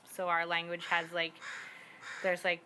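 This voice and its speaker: Bright, chatty young woman from the Squamish Nation. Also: fairly low pitch, completely flat delivery, a little slow, a little hiss or hum, poor audio. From Squamish Nation, British Columbia, Canada. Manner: chatty, many fillers, laughs and acts out quotes. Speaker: guest, parent and language learner. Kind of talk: casual conversation. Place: outdoor community garden.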